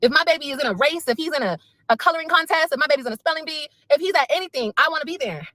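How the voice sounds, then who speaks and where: A woman's voice: high voice, animated, very fast, sharp tone, dry recording. A woman venting on a livestream, repeating herself in a frustrated, emotional rant. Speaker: mother speaking on a livestream.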